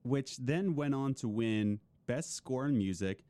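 A young man co-hosting a casual chat, rambling excitedly with many restarts. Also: medium pitch, a little slow. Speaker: podcast co-host.

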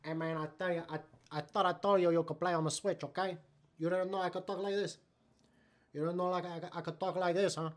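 A man's voice: high voice, steady tone, a little fast, natural voice. A man putting on a cocky Cuban-accented tough guy. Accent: Cuban Spanish, put on. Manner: cocky, teasing.

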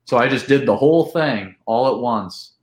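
A man telling a long, animated party story in casual chat, with lots of "like" and acted-out quotes. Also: mid-range voice, moderate pace, roomy sound. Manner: animated, full of "like", acts out quotes. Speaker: podcast guest.

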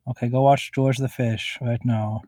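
A laid-back man rambling through a podcast chat, full of likes and uhs. His voice sits at an ordinary middle pitch and sounds dead dry, tucked into a closet in a house and sent over a remote call. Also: level tone, normal speed, mellow, dry recording, low-quality recording. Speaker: podcast co-host. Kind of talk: casual review chat. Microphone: remote call recording.

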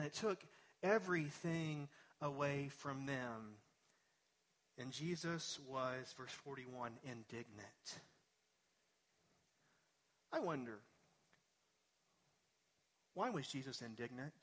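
Male pastor, fairly high voice, casual sermon delivery that swells to emphatic peaks. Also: expressive, slow, pauses often, a bit bright. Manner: conversational preaching, building to emphatic peaks.

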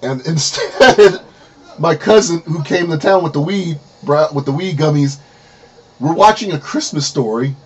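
Man, podcast host, husky, fairly high voice, animated storytelling, casual chat. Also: unhurried. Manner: animated storyteller, acts out quotes, laughs often.

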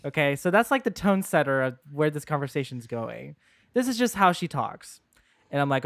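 A man's voice: on the high side, expressive, fairly quick, no echo, clean studio sound. A young man co-hosting a podcast, telling a family story in a casual way and laughing often. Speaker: podcast co-host.

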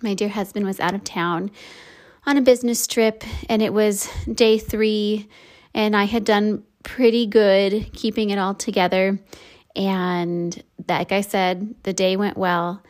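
A woman in her thirties, a podcast host, telling a candid personal story for a devotional show, reflective, with soft laughs. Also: mid-range voice, steady tone, unhurried.

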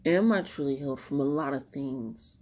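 A woman's voice: very deep voice, normal speed, mellow. A young woman hosting a solo podcast, talking candidly and rambling, laughing often and swearing casually. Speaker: podcast host.

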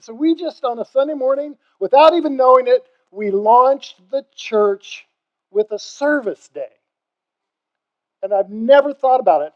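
An older man preaching as pastor, impassioned, swinging between quiet talk and loud emphatic calls. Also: high voice, dull audio. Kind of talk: sermon.

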